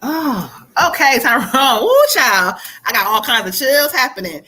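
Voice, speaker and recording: Woman, psychic reader, bright and forceful voice, somewhat high pitch, chatty, laughs a lot. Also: lively intonation, moderate pace, husky, poor audio. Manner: chatty, laughs often, relays spirit messages. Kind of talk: live-stream tarot reading.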